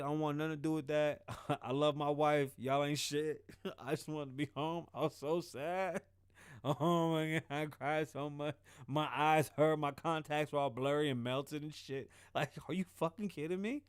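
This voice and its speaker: Male solo host, slightly high smooth voice, profane and animated, dry close sound. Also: moderate pace, dry recording. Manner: profane, animated, laughs often. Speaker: podcast host. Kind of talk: solo casual monologue.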